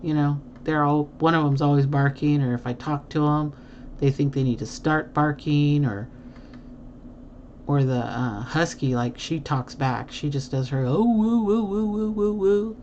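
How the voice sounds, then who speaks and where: A woman's voice: low voice, steady tone, a little slow, darkish tone, lo-fi sound, slight background noise. A woman chatting casually with viewers on a livestream, rambling with many fillers, teasing and laughing often. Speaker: livestream host. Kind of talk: casual chat answering viewer comments.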